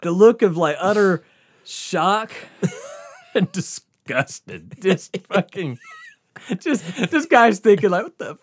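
Speaking slowly in a voice that sits high, a man hosting a podcast shares a wild story. His delivery is loose and animated, full of swearing and frequent laughter.

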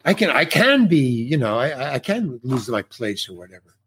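A man's voice: mid-range voice, big pitch swings, moderate pace, a bit bright, husky. A middle-aged actor telling a story from a film set in casual conversation, acting out the other people's lines as he goes. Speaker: actor guest. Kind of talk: conversational anecdote.

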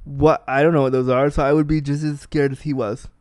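A man's voice: fairly high pitch, flat delivery, brisk, a little mellow, no echo. A man in his thirties giving a candid, casual film review, blunt and profane, with self-deprecating asides.

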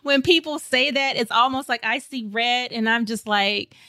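A woman from St. Louis, Missouri, telling a travel story as a podcast guest in a lively, laughing way. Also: on the high side, normal speed, no echo. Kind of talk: casual storytelling.

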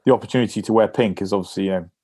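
Lively English former rugby player. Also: male voice, on the low side, rapid-fire, no echo, clean studio sound. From England. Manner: animated, anecdotal, frequent fillers and restarts. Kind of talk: casual interview storytelling.

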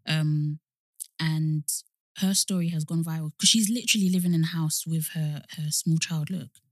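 Chatty young woman, low voice. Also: fairly even intonation, normal speed, no room sound, studio quality. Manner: chatty, frequent "like" and "you know" fillers. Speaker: podcast co-host. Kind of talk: casual chat.

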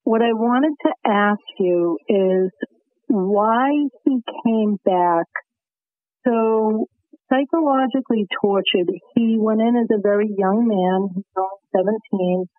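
A woman's voice: mid-range voice, slow, no echo. A woman with a thick Boston accent calls in to a radio show over a thin, phone-like line. She talks eagerly and earnestly. The sound is dry, with no room around her voice. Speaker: caller. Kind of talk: call-in radio chat.

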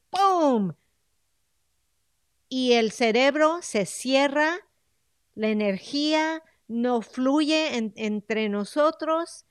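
Clear-voiced bilingual woman coach. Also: on the high side, dry recording, studio quality. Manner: coaxing, repeats phrases for emphasis.

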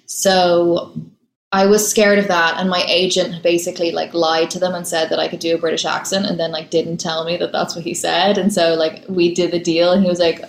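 A woman, an actress being interviewed, chatting casually and telling stories quickly with easy laughs. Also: on the low side, level tone, roomy sound, low-quality recording. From Ireland. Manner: chatty, laughs easily, fast storytelling.

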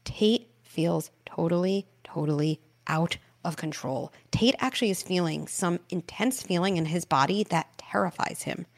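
A woman hosting an advice call-in show, talking parents through tantrums in a warm, animated way and acting out playful scripts. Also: fairly low pitch, unhurried, vocal fry, hardly any pauses. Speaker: parenting expert, show host.

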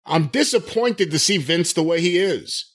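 A man co-hosting a podcast, reading out quotes and listener questions in an animated, jokey way. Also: a little high, moderate pace. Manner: animated, jokey, laughs easily. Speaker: podcast co-host.

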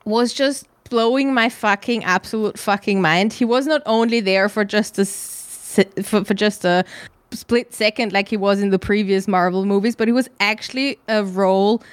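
A young woman from Germany chats casually on a podcast, her mid-pitched voice recorded dry and close. She rambles and restarts often and swears freely. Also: normal speed, smooth, dry recording. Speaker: podcast co-host. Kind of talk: casual chat.

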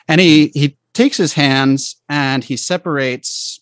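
Man, medium pitch, halting reflective testimony, dry close sound. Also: sing-song, fairly bright tone, no echo. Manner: halting and reflective, with frequent restarts and fillers. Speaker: guest telling his faith story. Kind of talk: personal testimony in conversation.

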